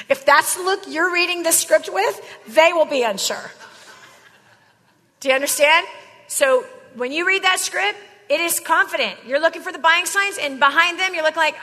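A woman running a live sales coaching session, emphatic, driving home each point with a quick "right?" or "okay?". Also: high-pitched, lively intonation, pushed and bright. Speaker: sales trainer. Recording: long hall reverb.

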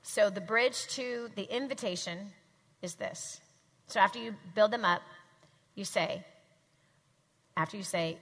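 A woman teaching a room full of people in an emphatic, animated way, pausing to have them repeat her lines back. Her voice is bright and forceful, and it rings with a long reverb through a big hall. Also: mid-range voice. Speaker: speaker teaching a live audience. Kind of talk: faith-based teaching talk. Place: large hall with audience.

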